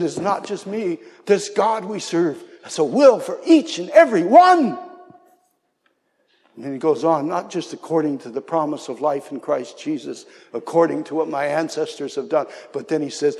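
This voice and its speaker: A man preaching a sermon with earnestness, sometimes dropping soft and low and sometimes bursting into a shout. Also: animated, normal speed, gravelly, in a large hall. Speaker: pastor.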